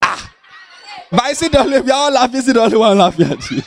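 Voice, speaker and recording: A man's voice: extremely high pitch, quick pace, creaky, a little hiss or hum. A man with a Ghanaian accent preaching a sermon as pastor in a church, scolding and teasing his congregation. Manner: animated, scolding, playful.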